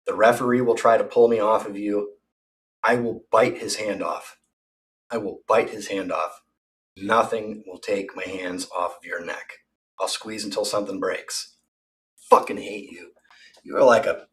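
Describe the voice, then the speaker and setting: A man's voice: medium pitch, expressive, moderate pace, recorded from a distance. A man delivering an angry, profane rant full of threats and repetitions.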